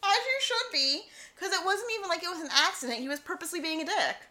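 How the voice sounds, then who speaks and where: A woman's voice: extremely high pitch, quick pace. A woman co-hosting a podcast in casual chat, telling stories animatedly and acting out what others said. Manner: animated storytelling, quotes others in voices. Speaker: podcast co-host.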